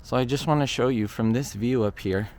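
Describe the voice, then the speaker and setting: A man's voice: medium pitch, fairly quick, darkish tone. A man casually narrating an outdoor walking tour of a hillside stairway, chatty and thinking aloud, a little out of breath from the climb, recorded on a handheld camera mic. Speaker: vlogger touring a location. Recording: faint outdoor ambient noise.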